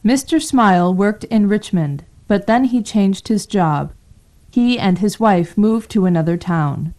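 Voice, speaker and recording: A woman narrates a simple story for learners. Her reading is clear and unhurried, with each phrase set apart. Her voice sits at a middle pitch. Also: warm tone.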